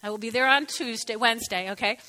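High bright-voiced woman preaching. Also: fast talker, long reverb tail. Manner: animated, preachy, rambling asides. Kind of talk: casual sermon-style talk.

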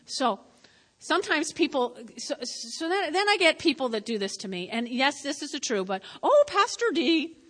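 Lady pastor preaching, high bright voice, lots of repeating and swinging loud to soft, big churchy reverb. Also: moderate pace. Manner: emphatic and repetitive, addressing the congregation directly; animated, with sudden swings between loud and quiet. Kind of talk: sermon. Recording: long reverb of a church hall.

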